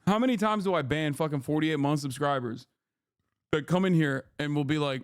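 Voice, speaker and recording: A male streamer lectures his chat in an unscripted rant, exasperated and profane, hammering the same phrases again and again. His voice sits somewhat high for a man and comes across close and dry, with hardly any room sound. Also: a little fast, dry recording. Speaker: livestream host.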